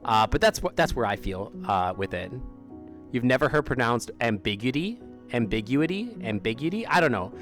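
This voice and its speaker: A man live-streaming from outdoors in a loose, rambling chat, often breaking into laughter and leaving sentences unfinished. His pitch sits in an ordinary middle range, and faint music plays in the background. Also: animated, fairly quick, a bit bright. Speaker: livestreamer. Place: outdoors near an amphitheater.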